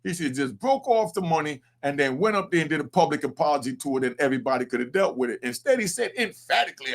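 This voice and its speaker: A man's voice: on the high side, lively intonation, fast, hardly any pauses. A man hosting a podcast, giving blunt, profane, street-style commentary with lots of energy. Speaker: podcast host. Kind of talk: casual opinionated commentary.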